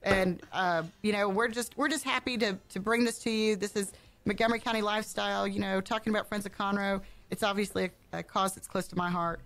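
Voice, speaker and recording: A woman's voice: mid-range voice, steady tone, a little fast, a bit bright. A woman guest-hosting a local radio show, chatty and bubbly, joking about herself and laughing often. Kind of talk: casual radio chat.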